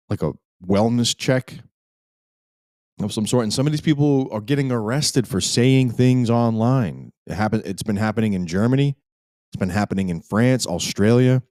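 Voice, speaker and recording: Man, podcast host, very deep voice, dry close sound, rambling, emphatic. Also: animated, moderate pace, a little mellow, no echo. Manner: rambling and emphatic, with frequent restarts. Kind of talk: live podcast monologue.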